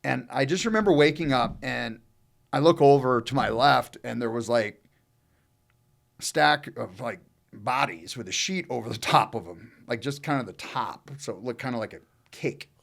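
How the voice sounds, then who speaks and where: A man in middle age chats on a podcast, spinning a long, rambling tale. His talk is loose and profane, and his voice sits at an ordinary middle pitch. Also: normal speed, gravelly. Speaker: podcast co-host telling a story. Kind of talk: casual storytelling chat.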